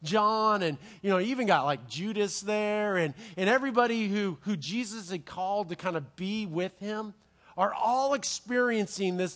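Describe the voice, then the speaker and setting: A man preaching a sermon, telling a Bible story with playful asides and quick restarts. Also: high voice, fairly bright tone. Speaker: pastor.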